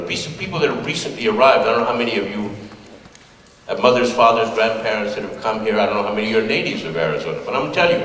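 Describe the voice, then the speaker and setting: A man's voice: medium pitch, fairly bright tone. A man in his seventies, a playwright from the United States, giving a humorous, anecdotal lecture to an audience in a large hall, recorded from a distance. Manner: humorous, anecdotal, plays voices. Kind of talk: public lecture. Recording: echoey hall from far off.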